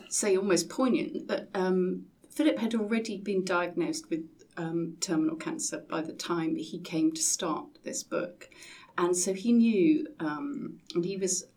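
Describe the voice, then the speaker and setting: A woman's voice: fairly low pitch, darkish tone. A woman guest in a book discussion, speaking thoughtfully with frequent ums.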